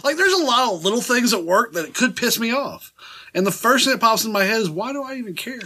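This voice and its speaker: A man's voice: very high voice, sing-song, fast talker, bright, forceful tone. A man co-hosting a casual podcast, telling a work story with lots of laughter and swearing. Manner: laughs often while telling stories, swears freely. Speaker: podcast co-host.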